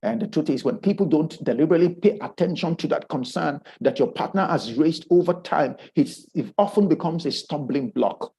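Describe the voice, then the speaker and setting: A man with a Nigerian English accent teaching a course on marriage, animated and emphatic, often repeating his words. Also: on the high side, fairly quick, vocal fry, hardly any pauses, rough recording.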